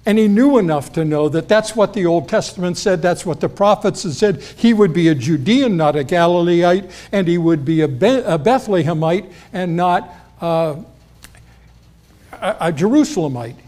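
A man's voice: animated, normal speed, darkish tone. A man preaching an expository sermon in a conversational way, acting out the quoted lines. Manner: conversational, acts out quotes with rising pitch.

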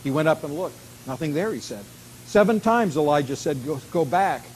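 A man preaching a sermon, reading scripture dramatically, slowing down and rising in volume on key lines, then dropping to a quiet, intimate tone. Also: a little high, animated, slight background noise, rough recording. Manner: dramatic, slows and rises to a shout on key lines. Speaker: pastor.

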